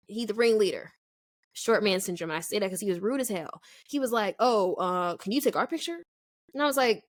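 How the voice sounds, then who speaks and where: A woman in her twenties, co-hosting a podcast, telling a story in casual chat and acting out the people in it with quick changes of voice. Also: fairly high pitch. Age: 20s. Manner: animated, acts out quoted people, laughs often. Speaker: podcast co-host.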